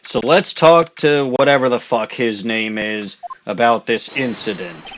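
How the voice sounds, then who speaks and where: A man's voice: medium pitch, unhurried, fairly bright tone, a little hiss or hum. A man giving casual, profane gameplay commentary with wry asides. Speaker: let's play host.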